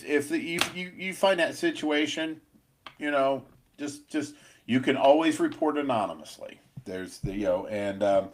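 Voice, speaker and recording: A middle-aged man co-hosts a podcast in loose, unscripted chat. His pitch sits in a plain middle range, and he rambles, restarts his sentences and swears freely. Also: slight background noise. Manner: rambling, halting restarts, blunt and profane. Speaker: pest control podcast co-host.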